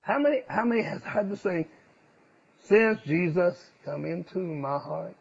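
A man preaching a sermon, swinging from loud, emphatic declarations to low, hushed asides. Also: lively intonation, measured pace, creaky, slightly rough. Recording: dull lo-fi sound.

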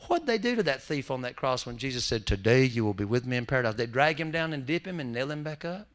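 A man preaching a sermon in a church, folksy and full of jokes. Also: mid-range voice. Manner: folksy, joking preacher with lively swings in loudness. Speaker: pastor.

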